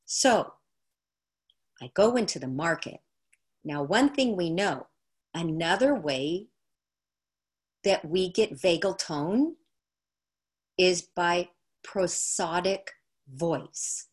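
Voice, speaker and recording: A woman teaching on a video call, explaining calmly and repeating key phrases for emphasis. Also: fairly low pitch, slow, pauses often, husky.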